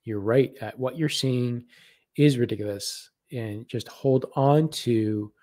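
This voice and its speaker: A man giving live spiritual readings on a stream, talking gently and haltingly and repeating words as messages come to him. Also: mid-range voice, no echo.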